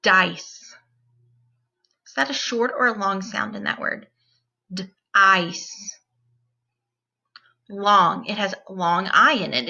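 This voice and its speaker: A woman teacher leading young children through a phonics lesson, sounding out each word slowly and deliberately. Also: medium pitch, vocal fry, bright, forceful tone, highs cut off.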